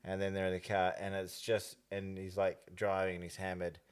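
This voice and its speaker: A man co-hosting a casual watch-along chat, retelling stories with animated energy. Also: low voice, moderate pace, clear, resonant tone. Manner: animated storyteller, retells ads with lively quoted voices. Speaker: co-host.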